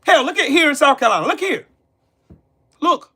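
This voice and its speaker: Blunt, high-voiced Southern American man. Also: big pitch swings, brisk, long pauses, pushed and bright. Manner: blunt, profane, emphatic and repetitive, reading chat. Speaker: live stream host. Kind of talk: live stream politics rant.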